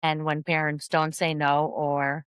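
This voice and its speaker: Low-voiced woman, smooth and dry. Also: flat delivery, fairly bright tone, dry recording. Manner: earnest, explanatory, measured. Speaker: guest parent coach and kindergarten teacher. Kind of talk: podcast interview.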